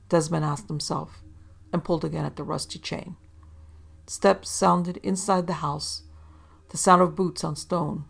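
A woman reading a story aloud in steady, measured narration. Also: deep voice, gravelly, breathy edge.

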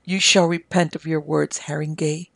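A reader voicing a delirious army major who raves and pleads in a feverish confession, with a gravelly edge. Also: medium pitch, flat delivery, moderate pace, fairly bright tone, no echo. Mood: cold, contemptuous. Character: delirious army major, guilt-ridden man.

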